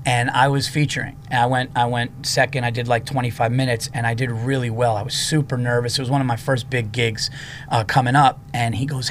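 A man in his forties, a comedian, telling stories in a casual, animated way and acting out the people he quotes. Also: medium pitch, a little fast, a little hiss or hum. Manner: animated storyteller who acts out quotes. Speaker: comedian guest. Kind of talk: casual storytelling.

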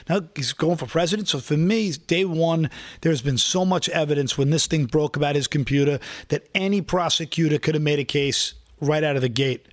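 A man speaks as a guest on a political talk show, giving blunt and combative opinions. His voice sits a little higher than most men's. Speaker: guest commentator. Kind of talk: political commentary.

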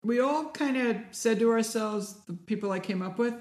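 Woman, casual chat, laughs a lot, animated storyteller, echoey room. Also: fairly high pitch, normal speed. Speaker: guest, former stand-up comedian.

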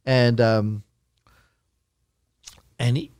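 A man's voice: mid-range voice, level tone, very slow, dry recording, clean studio sound. A man telling a long story in an interview, rambling with many restarts and acting out what others said. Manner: rambling, many restarts, acts out quotes loudly. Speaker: interview guest recounting a story. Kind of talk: casual anecdote telling.

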